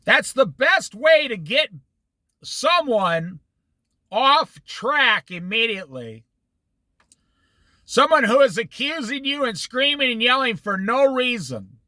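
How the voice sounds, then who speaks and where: A man leading an informal Bible study, explaining scripture in an animated, storytelling way and acting out the quotes. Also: very high voice, takes it slowly, no room sound.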